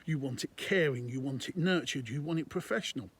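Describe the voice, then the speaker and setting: A man's voice: medium pitch, a little fast, fairly bright tone, husky. A man, a business consultant, giving conversational and emphatic business advice to camera, repeating his points.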